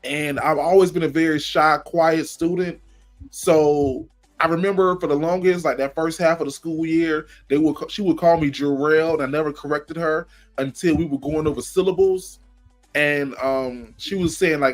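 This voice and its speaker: A man co-hosting a comedy podcast, telling a school story in a profane, animated way. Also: fairly high pitch, fairly quick, faint music behind. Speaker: podcast co-host.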